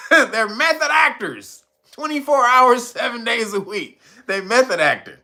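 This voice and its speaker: Male streamer, bright edgy tone, chatty storyteller who keeps breaking into laughter. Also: extremely high pitch, wildly swooping pitch, measured pace. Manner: laughs often, retells jokes with put-on voices. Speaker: streamer host. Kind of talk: casual storytelling.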